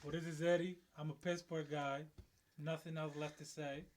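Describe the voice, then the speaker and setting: A man's voice: fairly high pitch, flat delivery, moderate pace. A man co-hosting a casual sports podcast, bantering with laid-back, dry comebacks. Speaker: podcast co-host.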